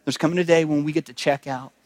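A man's voice: a little high, fairly even intonation, fast, no room sound. Man preaching in a conversational way. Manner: conversational preaching, rising to emphatic calls and dropping to hushed asides. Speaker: pastor. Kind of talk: sermon.

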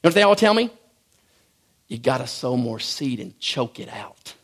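A man's voice: medium pitch, sing-song, moderate pace. A man preaching a sermon in a folksy, joking way, often stumbling and restarting his phrases. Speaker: pastor.

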